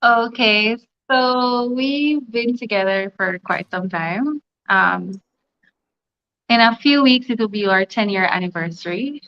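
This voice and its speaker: A woman with a higher voice talks slowly and fondly about her relationship. Her voice sounds smooth and clear, but it comes through a dull, lo-fi video call line. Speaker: game show contestant guest. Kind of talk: casual chat.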